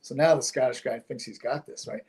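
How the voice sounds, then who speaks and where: A man's voice: medium pitch, steady tone, a little mellow. Joke-telling man in casual chat. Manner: joke-telling with quick punchlines.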